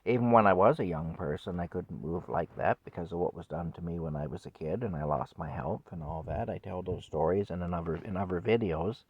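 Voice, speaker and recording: A man's voice: low voice, a little fast, few pauses, breathy edge, dry recording, dull audio. A man in his fifties ranting on his vlog in an indignant, scornful way with wry chuckles. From Canada. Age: 50s. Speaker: vlogger. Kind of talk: solo opinion rant to camera.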